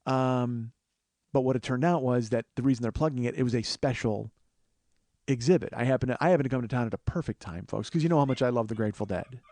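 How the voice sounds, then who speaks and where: A man in his forties recounts a story alone at the mic, wry and full of swearing. His voice sits at an ordinary middle pitch, and the sound is close and dry, with no room around it. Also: fast, a little mellow, no echo. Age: 40s. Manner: profane, wry, acts out other people's voices. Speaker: podcast host. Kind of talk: solo storytelling monologue.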